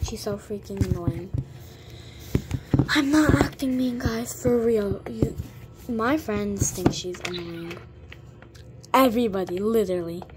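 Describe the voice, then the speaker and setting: A woman's voice: medium pitch, unhurried, pauses often, noisy background. A girl giving chatty gameplay commentary, full of fillers and sudden exclamations. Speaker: gamer.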